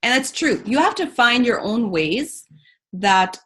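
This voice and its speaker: A woman's voice: a little high, a little slow, slightly rough. Enthusiastic woman podcast host. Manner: enthusiastic, animated with quoted voices. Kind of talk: casual podcast chat and reading aloud.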